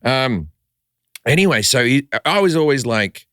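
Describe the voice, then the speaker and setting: An Australian comedian telling stories on a podcast, loose and swearing, slipping into quick voices. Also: male voice, medium pitch, lively intonation, bright, forceful tone, no room sound, clean studio sound. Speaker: comedian guest. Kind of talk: casual podcast storytelling.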